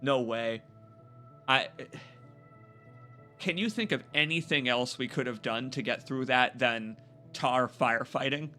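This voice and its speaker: A young man streaming a video game, commenting in a jokey and excitable way as he plays and talks to his chat. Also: mid-range voice, measured pace, long pauses, soft background music. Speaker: gaming streamer. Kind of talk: live gameplay commentary.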